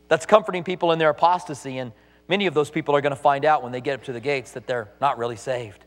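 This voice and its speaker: A man's voice: mid-range voice, fast talker. A male pastor preaching a sermon with emphasis and rhetorical questions, acting out the voices of people he quotes. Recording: echoey hall reverb.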